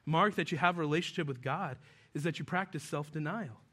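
A man from New Mexico preaches a sermon like he is chatting with friends, cracking jokes and slipping into voices for the people he quotes. His voice sits high and sounds bright, and the tone stays easygoing throughout. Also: fairly quick. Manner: conversational and joking, acts out quoted voices. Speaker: pastor. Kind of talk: casual sermon.

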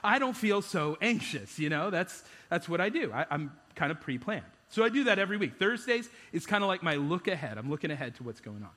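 A man's voice: a little high, sing-song, a little fast, hardly any pauses, pushed and bright, big-room sound. A man preaching a sermon as pastor, conversational and self-deprecating, often restarting his sentences.

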